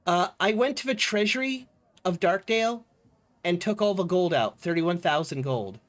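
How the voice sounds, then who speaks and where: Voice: mid-range voice, lively intonation. A co-streamer chatting casually, with casual swearing. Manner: slow, unhurried, swears casually. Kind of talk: casual chat.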